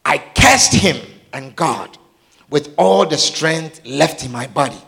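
A man telling a dramatic personal testimony, his delivery swinging between hushed and shouted. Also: high-pitched, animated, slow pace, gravelly.

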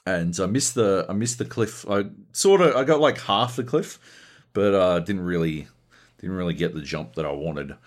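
A man co-hosting a casual gaming podcast, telling profane, animated stories about multiplayer sessions. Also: low voice, normal speed. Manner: profane, animated storytelling with lively put-on voices. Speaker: podcast co-host.

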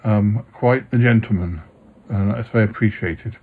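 A man's voice: on the low side, normal speed, breathy edge. A male podcast host chatting casually and patiently scolding a character. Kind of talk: casual chat with a puppet-style character. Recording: dull lo-fi sound.

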